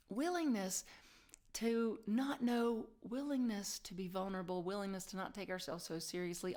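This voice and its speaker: Animated woman minister preaching. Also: mid-range voice. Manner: animated storytelling, laughing at herself; drops to soft, near-whispered emphasis. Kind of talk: sermon.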